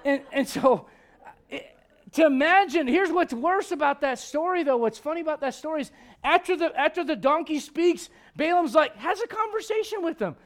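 A man preaching a sermon as a pastor, swinging from loud emphatic lines to hushed ones, with joking asides. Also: very high voice, moderate pace.

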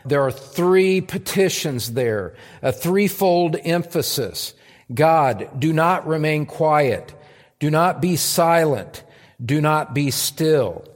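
A man preaching an expository sermon at a Bible study, deliberate and emphatic, pressing hard on key phrases. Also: on the high side. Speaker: pastor. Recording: long hall reverb.

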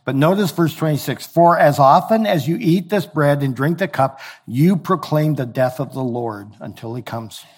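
A man's voice: fairly high pitch, moderate pace, hardly any pauses, husky. A man preaching a sermon in a conversational way, explaining scripture with everyday examples. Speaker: pastor.

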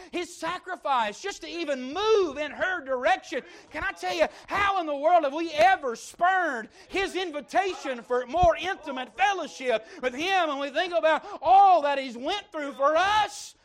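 A man preaching a sermon, moving between loud fervent stretches and soft hushed asides. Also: very high-pitched, moderate pace, hardly any pauses. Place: church service.

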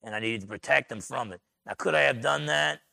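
A gravelly, bright-toned man with a New Jersey accent preaches a sermon as a pastor. He tells his stories in an animated, conversational way. The sound is dry and close. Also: mid-range voice, fairly quick, dry recording.

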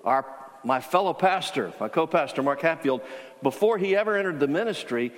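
A man preaching a sermon as pastor, telling a story in a conversational way with frequent restarts. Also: on the high side. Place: church sanctuary. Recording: long hall reverb.

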